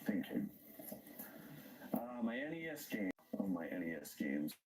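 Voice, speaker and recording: A man's voice: low-pitched, big pitch swings, unhurried, a little mellow, a little hiss or hum, low-quality recording. A man casually listing signed games in his collection.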